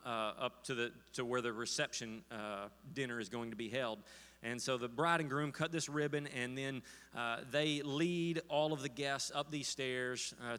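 Male pastor, sermon storytelling, halting with fillers, long church hall reverb. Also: mid-range voice, pushed and bright, smooth. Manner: storytelling with many fillers and restarts. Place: church sanctuary.

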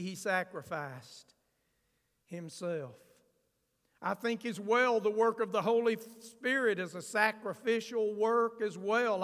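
Male pastor, sermon, high bright voice, long hall reverb. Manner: preaching with sudden swells of emphasis and asides.

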